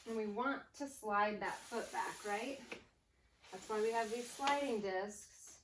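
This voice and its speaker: A woman's voice: mid-range voice, slow pace, fairly bright tone. Woman coaching a workout while doing it, a bit out of breath, counting reps, roomy echo, faint noise. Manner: upbeat, counts down reps, cues form. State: slightly out of breath. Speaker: fitness instructor. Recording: echoey room, distant mic, faint noise.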